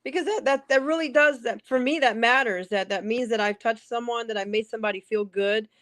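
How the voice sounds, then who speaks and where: A woman from New Jersey chats as a podcast guest, her voice sitting a little high. She tells stories freely and restarts her sentences often. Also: fairly quick, fairly bright tone. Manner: chatty storyteller with many restarts. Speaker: podcast guest, ring announcer. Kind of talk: casual interview chat.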